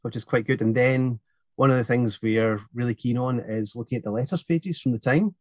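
A man's voice: mid-range voice, fairly quick, dry recording. A man co-hosting a podcast, chatting casually and enthusiastically and laughing easily. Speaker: podcast co-host. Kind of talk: casual chat.

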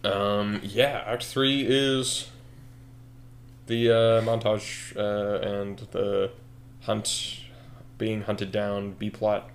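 A man co-hosting a podcast, brainstorming a story in casual chat, animated and laughing often as he acts out scenes. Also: lowish voice, extremely slow, creaky, slight background noise. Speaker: podcast co-host.

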